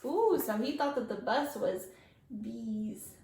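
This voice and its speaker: A woman teacher reading a picture book aloud to her class, with lively character voices. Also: fairly high pitch, slow, a little hiss or hum. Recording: echoey room.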